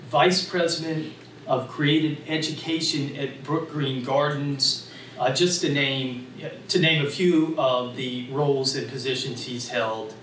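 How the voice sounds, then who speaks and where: Library host introducing a guest. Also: male voice, mid-range voice, a bit bright. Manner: reads the introduction with frequent fillers. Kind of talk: formal introduction. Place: library meeting room. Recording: roomy echo, distant mic, faint noise.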